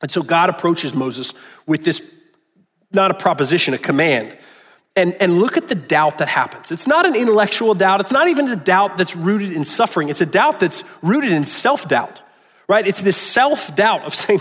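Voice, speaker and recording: A man with a high, somewhat husky voice delivers an earnest sermon in a church hall. He restarts phrases often and acts out quoted lines. A long reverb trails his words. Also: animated, normal speed, fairly bright tone. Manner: earnest preaching with repeated restarts and acted-out quotes. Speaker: pastor.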